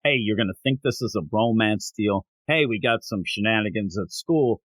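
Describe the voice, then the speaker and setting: A man co-hosting a comic review podcast, recapping scenes in a casual, jokey way and dropping quick voices for the characters. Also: fairly low pitch, a bit bright, no echo. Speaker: podcast co-host reviewing manga. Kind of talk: casual chat.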